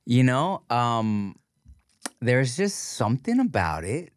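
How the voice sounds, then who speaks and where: A man's voice: mid-range voice, big pitch swings, slow pace, no echo, studio quality. Laid-back slangy man in podcast chat. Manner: laid-back slangy talk, "you feel me" asides. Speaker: podcast co-host. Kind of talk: casual chat.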